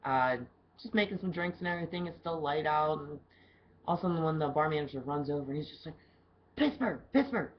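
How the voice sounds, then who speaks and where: Low-voiced woman, chatty video diary. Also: fairly even intonation, fast, slight background noise. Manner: chatty, loose storytelling with swearing. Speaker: event bartender keeping a video diary. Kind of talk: casual video diary storytelling. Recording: dull lo-fi camera audio with faint background ambience.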